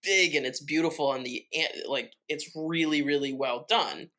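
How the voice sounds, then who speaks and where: A man's voice: a little high, normal speed, bright, forceful tone. A man co-hosting a podcast, talking casually about a film with restarts and acted-out quotes. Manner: rambling restarts, acts out quoted reactions. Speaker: podcast co-host. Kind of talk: casual film review chat.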